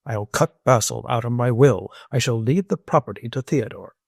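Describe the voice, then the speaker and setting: A man's voice: mid-range voice, normal speed, creaky, a little mellow, no room sound, studio quality. A man doing a querulous sick old man. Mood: angry. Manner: querulous, wailing, pleading. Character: sick old man, jealous, childish, pleading. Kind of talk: audiobook character voice.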